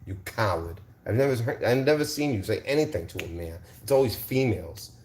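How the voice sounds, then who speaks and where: A man's voice: fairly low pitch, expressive, brisk, darkish tone, slight background noise. A man hosting a livestream, confrontationally ranting at viewers in the chat, repeating rhetorical questions and swearing. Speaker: livestream host. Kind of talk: heated livestream rant.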